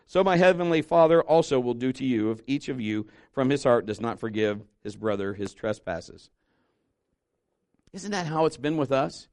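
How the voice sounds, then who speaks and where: A man preaching a sermon as pastor, animated and emphatic, dropping softer and lower when reading scripture aloud. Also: normal speed, dry recording, clean studio sound.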